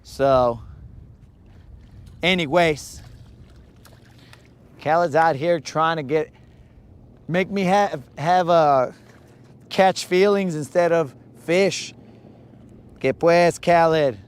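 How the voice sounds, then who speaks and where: A man's voice: on the high side, drawn-out words, pauses often, smooth. A man hosting a live fishing vlog outdoors on a lake, with playful, hyped banter full of Spanish slang. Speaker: angler, channel host.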